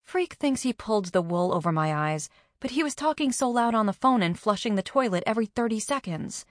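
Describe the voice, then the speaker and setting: A loud, excitable young woman, put on by a woman reading an audiobook, her voice pitched high and bright above the reader's own. She blurts out exclamations with a blunt edge. The recording is close and dry, with no room sound. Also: brisk, no room sound, lightly acted. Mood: amused.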